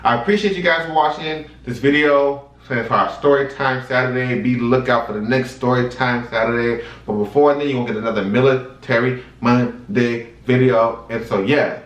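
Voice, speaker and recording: A young man in his twenties spins a casual storytime for his viewers, chatty and animated, talking right at them. His voice sits in a middling register. It comes from a mic set well back in a roomy indoor space. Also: mid-range voice, moderate pace, hardly any pauses. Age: 20s. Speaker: vlog host. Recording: roomy sound from a distant mic.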